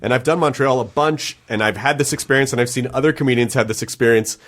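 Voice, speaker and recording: A man's voice: medium pitch, fast, fairly bright tone. A middle-aged man hosting a casual podcast interview, asking long, thoughtful questions with restarts. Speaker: podcast host.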